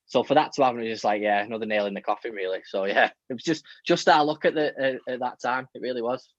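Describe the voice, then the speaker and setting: Chatty guy talking footy fast, kinda dull lo-fi dry sound. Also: mid-range voice, dry recording. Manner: fast, chatty, many fillers. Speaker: podcast co-host. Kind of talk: casual chat.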